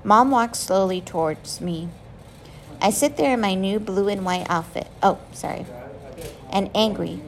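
A woman narrating a novel in the first person, reading with expressive emotion. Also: mid-range voice, unhurried, low-quality recording. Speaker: audiobook reader.

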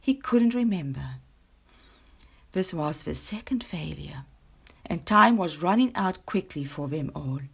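A woman narrating a children's story in an expressive, dramatic read-aloud style. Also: sits low, unhurried, creaky, slightly rough. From South Africa.

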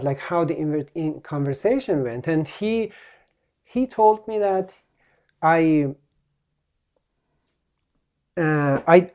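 A male physician telling a story as a podcast guest, halting and full of restarts. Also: on the high side, darkish tone. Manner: halting, with many restarts and trailing phrases.

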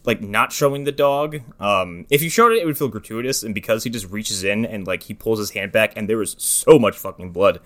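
A man co-hosting a casual movie podcast, throwing in quick quips and laughing at his own jokes. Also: fairly low pitch, a bit bright. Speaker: podcast co-host. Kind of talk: casual movie-recap chat.

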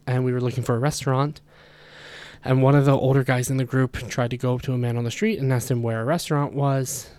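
A man's voice: medium pitch, a little mellow, dry recording. A man hosting a casual podcast about learning languages, chatty and self-deprecating, who demonstrates sounds aloud as he explains them. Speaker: podcast host.

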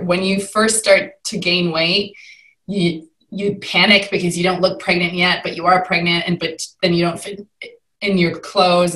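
A young adult woman, a guest in a conversational interview, speaking candidly and telling her story with lively swings in pitch. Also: roomy sound, rough recording.

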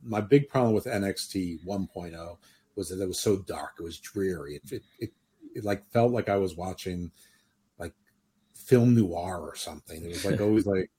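A man's voice: deep voice, moderate pace, dark tone, husky. A man hosting a podcast in casual chat, opinionated and rambling, often restarting his sentences. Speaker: podcast host.

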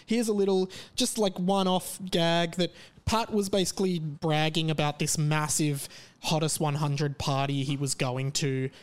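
Brief: chatty podcast host, fairly high voice, loose and rambling. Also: male voice, steady tone, measured pace, clean tone. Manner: chatty, rambling plugs with fillers. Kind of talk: casual podcast chat.

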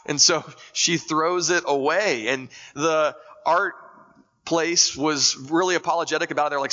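A man delivers a sermon in a relaxed, conversational way, pausing to think as he goes. His voice is slightly high and bright. The sound is a bit dull, and long reverb carries through the hall. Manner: conversational, with thoughtful pauses. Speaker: pastor.

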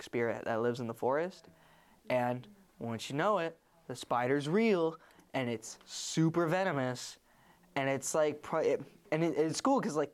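A young adult podcast host in casual chat, retelling a movie in a rambling way with many fillers and restarts. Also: mid-range voice.

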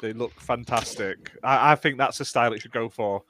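A man's voice: mid-range voice, a little fast, bright, forceful tone, slight background noise. A man, rambling through casual gaming-podcast chat with many restarts. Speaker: podcast co-host.

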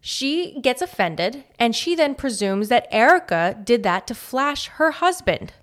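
A woman co-hosting a gossip podcast in easy, casual chat. Her voice sits a bit high, and she slips into little mock voices when she quotes people. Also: very animated, a little slow, a bit bright. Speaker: podcast co-host.

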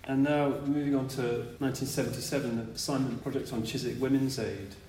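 A man's voice: mid-range voice, steady tone, brisk, a little mellow, distant mic, slight background noise. Man hosting, echoey gallery hall. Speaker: host, gallery director. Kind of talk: public conversation at a gallery event.

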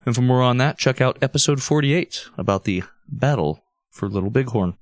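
A young man hosting a history podcast, throwing in deadpan, crude quips during casual banter. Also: medium pitch, normal speed, no echo.

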